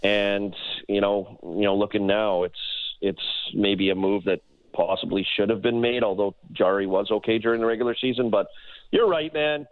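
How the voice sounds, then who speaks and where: A man's voice: fairly low pitch, steady tone, normal speed, no echo, poor audio. A man co-hosting a sports talk show, talking casually and rambling with many fillers. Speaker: sports radio co-host.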